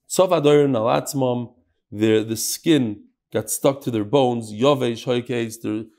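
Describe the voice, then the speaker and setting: Animated man teaching a Talmud class. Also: medium pitch, gravelly. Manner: animated, quizzes students, mixes Hebrew and Aramaic terms.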